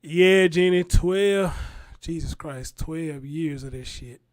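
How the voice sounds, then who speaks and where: Man, forties, higher voice, casual live-stream host, rambling, talks to viewers. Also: slow pace. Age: 40s.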